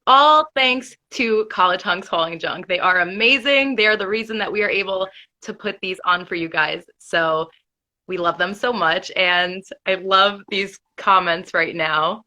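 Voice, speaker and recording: Upbeat female host, bright tone, casual interview patter. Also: medium pitch, a little slow. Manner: chatty, upbeat, bubbly.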